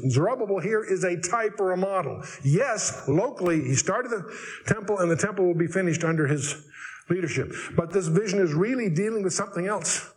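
An older man teaching the Bible verse by verse, wry and conversational, slowing down to read scripture aloud. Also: fairly high pitch, rough recording.

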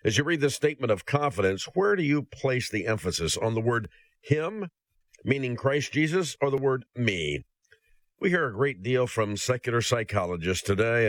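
A man's voice: mid-range voice, no room sound. A male preacher delivering a sermon, speaking earnestly and directly to the listener.

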